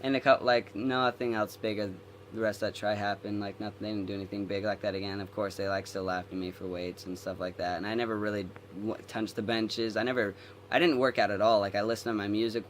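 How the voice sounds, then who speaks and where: Young guy telling a school story on his vlog, kinda low voice, rambly, bit of background hum. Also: little pitch movement, fast talker. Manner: rambling, filler-heavy retelling. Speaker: vlogger.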